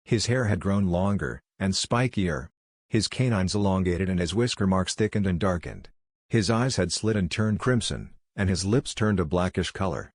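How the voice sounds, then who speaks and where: A man narrating a fan fiction story in an even, steady reading. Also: low voice, dry recording, clean studio sound.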